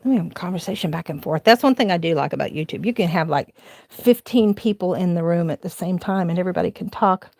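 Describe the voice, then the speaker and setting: A woman's voice: on the low side, quick pace, creaky, darkish tone, no echo. A woman in her forties with a Southern accent, hosting a casual late-night crafting livestream from her home. She chats and rambles as she walks through the house, laughing often and talking to her viewers. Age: 40s. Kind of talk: casual live-stream chat. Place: her home, moving from room to room.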